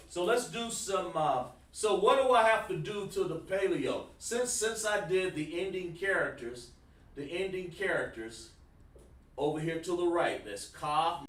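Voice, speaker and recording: A man's voice: a little high, echoey room, far from the mic. Man teaching an online class. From South Carolina, USA. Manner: informal, repeats words, talks to students by name.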